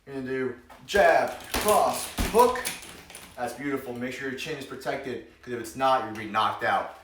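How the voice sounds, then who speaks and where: Here a fast-talking man with a medium voice shows off self-defense moves, announcing strikes while performing them in a goofy vlog. His delivery is energetic and playful, peppered with jokes. It's captured from afar in a reverberant, noisy room.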